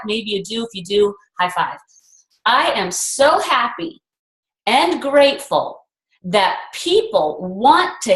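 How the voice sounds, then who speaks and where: A woman's voice: on the high side, a bit bright, roomy sound, poor audio. A woman leading a network marketing group on a video call, talking earnestly in a rambling, motivational way and repeating affirmations with emphasis.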